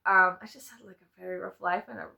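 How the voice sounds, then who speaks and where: A woman's voice: fairly low pitch, level tone, fast talker, gravelly, bright, forceful tone, lo-fi sound. A young woman telling a casual story to her subscribers, laughing often, swearing freely and mocking herself dramatically. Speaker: vlogger.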